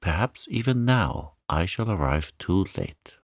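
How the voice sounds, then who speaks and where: A man's voice: sits low, animated, unhurried, no room sound, clean studio sound, heavily acted. A man reading the part of a grave young prosecutor who speaks with urgent, guarded seriousness. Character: stern male prosecutor, urgent and secretive.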